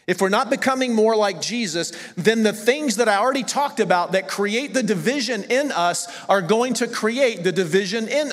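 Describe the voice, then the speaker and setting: A man's voice: high-pitched, big-room sound. A middle-aged man with a Southern US accent preaching a sermon as a pastor, conversational and emphatic, often stopping to correct himself. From American South. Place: church sanctuary.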